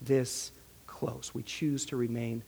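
A man preaching a sermon with animated delivery, jumping between loud emphasis and hushed asides, voicing quotes with character. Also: mid-range voice, slow, gravelly, slightly rough, in a large hall. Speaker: pastor.

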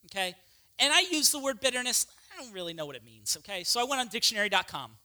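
A preacher delivering an animated, conversational sermon with casual asides. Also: medium pitch.

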